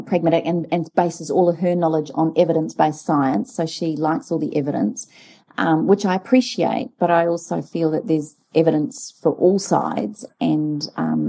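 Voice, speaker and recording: Husky-voiced woman in her forties, chatty. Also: low voice. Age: 40s. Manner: animated storyteller, acts out dialogue. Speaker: podcast co-host. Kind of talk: casual chat.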